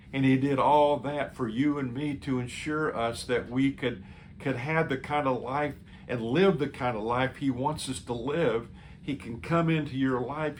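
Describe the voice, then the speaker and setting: A medium-pitched man speaks as a pastor, earnestly recounting a story during a sermon and quoting what he once said to someone. There's a little hiss or hum on the audio.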